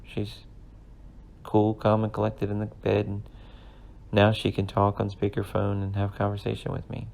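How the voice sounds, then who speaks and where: A man's voice: on the low side, completely flat delivery, moderate pace, creaky, darkish tone. A man in his thirties, a podcast host, telling an earnest, rambling personal story in a casual way. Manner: rambling, earnest, emotional at times.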